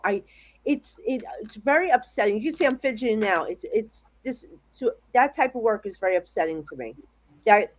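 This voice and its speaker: Over a video call from her home office, a middle-aged American psychic medium tells stories in a casual interview. She speaks in a mid-range voice, animated and rambling, often starting her sentences over.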